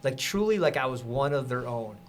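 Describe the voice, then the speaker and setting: A man, a podcast guest, telling a lively story in casual conversation and acting out the people he quotes. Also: medium pitch, brisk, slight background noise. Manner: animated, acts out quotes with laughter.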